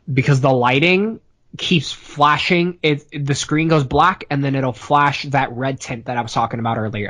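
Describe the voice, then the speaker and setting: A man co-hosting a casual movie review chat, retelling the plot in a profane, animated way. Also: a little high. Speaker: podcast co-host.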